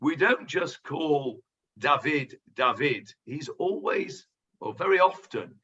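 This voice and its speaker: A rabbi leads a Bible class in a bright, forceful voice pitched a little high. He talks things through with frequent ums and restarts, and the recording sounds dull and lo-fi. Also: lively intonation, takes it slowly, husky. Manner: thoughtful, hesitant with many fillers. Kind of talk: teaching and discussing with students.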